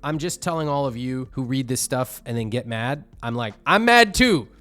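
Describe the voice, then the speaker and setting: A man hosting a personal finance show, reviewing viewer budgets in a blunt, animated way with exasperated asides. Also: medium pitch, normal speed, faint music behind.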